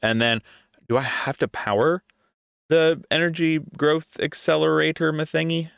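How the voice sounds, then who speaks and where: A man's voice: a little high, fairly even intonation, unhurried, vocal fry, fairly bright tone, smooth, no echo, studio quality. A young adult man giving casual gameplay commentary, talking to himself in an exasperated, joking way. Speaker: gaming video creator.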